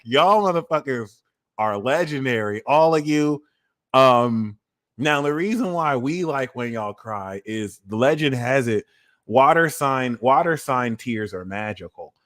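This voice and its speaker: High-voiced, unhurried male astrology host. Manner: animated, slangy and profane, laughing at his own jokes. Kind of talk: casual comedic rant.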